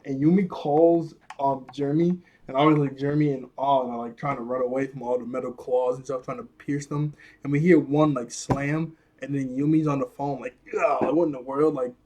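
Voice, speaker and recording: A young man casually recapping a cartoon episode, rambling and laughing often as he acts out the characters' lines in quick voices. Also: medium pitch, fairly even intonation, darkish tone. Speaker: video reviewer.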